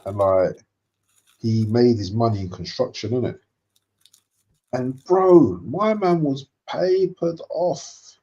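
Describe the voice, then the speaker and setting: A man's voice: mid-range voice, takes it slowly, long pauses, dark tone. A man in casual chat, rambling with fillers and slang. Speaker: co-host of a football watchalong. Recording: dull lo-fi sound.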